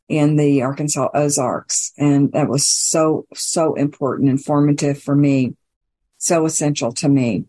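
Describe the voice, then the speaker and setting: Woman, author guest, reflective, conversational, occasional laughter, stops and restarts. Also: sits low. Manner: reflective, warm laughing asides, many restarts. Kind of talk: casual interview conversation.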